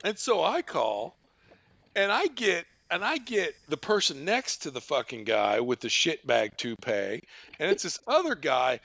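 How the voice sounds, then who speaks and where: A man hosting a podcast, telling a profane comic story in an animated way. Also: a little high, a little slow, no room sound. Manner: animated, swearing, laughing. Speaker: podcast host.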